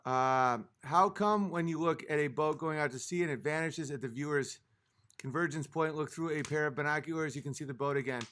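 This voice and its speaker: A man's voice: fairly high pitch, a little fast, a bit bright. A man hosting a livestream, ranting heatedly with lots of swearing while reading chat comments aloud, a few drinks in. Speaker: livestream host. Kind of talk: late-night livestream rant.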